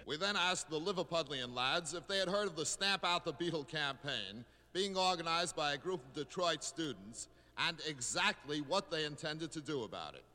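1960s radio reporter, lively announcer voice, roomy reverb. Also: male voice, a little high. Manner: brisk, formal announcer delivery. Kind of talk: vintage radio news narration.

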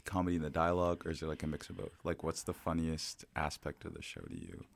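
A man's voice: extremely low pitch, big pitch swings, quick pace, vocal fry. A young adult man co-hosting a campus radio show, chatting casually and asking follow-up questions. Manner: laughing, asks follow-up questions.

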